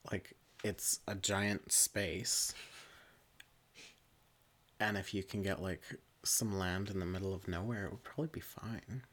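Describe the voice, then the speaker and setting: A young woman in relaxed casual chat, laughing a lot. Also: extremely low pitch, measured pace. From Saskatchewan, Canada.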